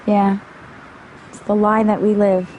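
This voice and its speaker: An actress playing a bored, unimpressed young receptionist in a cartoon, speaking in a terse, flat monotone. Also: female voice, medium pitch, unhurried, a little hiss or hum, close to an everyday voice, poor audio. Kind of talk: cartoon voice acting.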